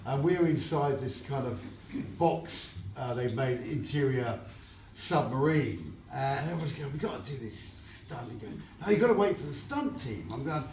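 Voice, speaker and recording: A man and guest actor telling anecdotes on a fan panel, animated and laughing, acting out voices in his stories. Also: medium pitch, fairly quick, few pauses, slight background noise. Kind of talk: anecdotal storytelling to an audience. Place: event hall before a live audience. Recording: echoey hall, distant mic, crowd.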